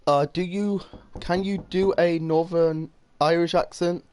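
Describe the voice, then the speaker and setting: A man's voice: high voice, fairly even intonation, a little slow, a little mellow, slight background noise. Rambling, swearing male game streamer. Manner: rambling, swearing, many restarts. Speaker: gaming streamer. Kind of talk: casual gaming commentary, chatting to chat.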